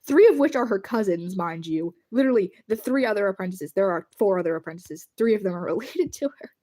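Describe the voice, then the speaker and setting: A woman's voice: medium pitch, animated, fast talker, warm tone. A woman chatting casually on a livestream while drawing, rambling and giggling as she thanks her viewers.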